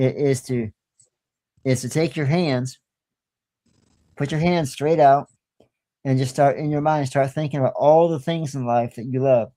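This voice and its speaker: Man, podcast guest, folksy storyteller, mellow warm voice, plain-spoken, repeats himself. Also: medium pitch. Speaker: podcast guest, paranormal investigator. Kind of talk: casual storytelling.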